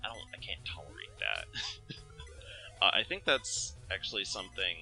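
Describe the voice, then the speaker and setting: Gravelly deep-voiced man ranting over gameplay. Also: huge pitch swings, moderate pace, sharp tone, soft background music, poor audio. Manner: profane, ranting venting. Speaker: let's play host. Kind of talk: casual gameplay commentary.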